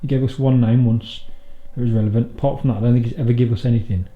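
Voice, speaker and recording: A man's voice: medium pitch, steady tone, very fast, muffled recording, faint music behind. An Englishman leading a ghost hunt, talking casually with a blunt, skeptical manner and cursing freely, recorded in an underground bunker. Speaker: paranormal investigator, lead of the team. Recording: echoey underground room.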